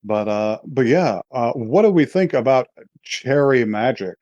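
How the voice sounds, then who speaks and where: A man's voice: medium pitch, expressive, measured pace, darkish tone, dry recording, highs cut off. Laughing man recapping an anime. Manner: retells scenes acting out both characters' lines, laughs often. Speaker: podcast co-host. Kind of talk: casual chat recapping an episode.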